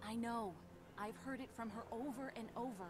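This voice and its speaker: A woman's voice: a little high, fairly even intonation, normal speed, background noise, close to an everyday voice. An actress voicing a devout young woman in a video game, earnest and conflicted about her faith. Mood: troubled. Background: game music.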